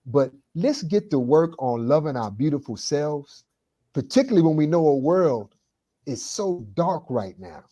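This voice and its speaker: Mellow-voiced man hosting, emphatic. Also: a little high, sing-song, a little slow. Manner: emphatic, builds lists for emphasis. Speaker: host. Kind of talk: earnest talk-show commentary.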